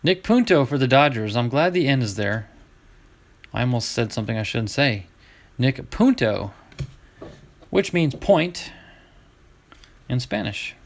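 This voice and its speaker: Gravelly man chatting through a card break. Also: mid-range voice, very animated, a little slow, pauses often. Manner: chatty, talks to chat viewers while sorting cards. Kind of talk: casual live card-opening chat.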